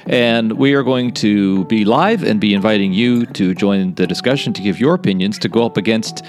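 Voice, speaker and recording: A man's voice: fairly low pitch, moderate pace, faint music behind. Man hosting a casual podcast. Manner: rambling with fillers and restarts. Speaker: podcast host.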